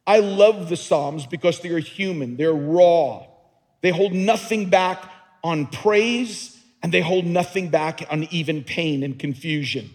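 A male pastor preaching a sermon to a congregation in an earnest, emphatic way, often repeating and restarting words. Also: on the high side. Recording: long reverb in a large hall.

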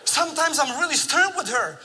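Bright-voiced man preaching in a hall. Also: very high-pitched, brisk, a little hiss or hum. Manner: animated storytelling with laughs. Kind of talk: sermon. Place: large church sanctuary. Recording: long reverb of a large church hall.

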